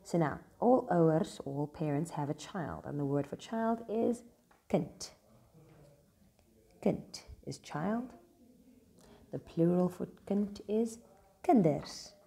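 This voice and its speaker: A woman giving a casual, encouraging vocabulary lesson, repeating words slowly to model pronunciation, recorded in a school. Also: on the low side, vocal fry, dark tone. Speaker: language teacher.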